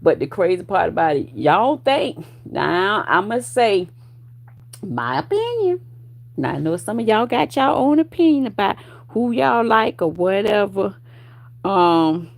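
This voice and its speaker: A woman in her forties ranting at her online viewers, profane and confrontational, with loud bursts of laughter. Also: on the low side, big pitch swings, unhurried, vocal fry. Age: 40s. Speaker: vlogger.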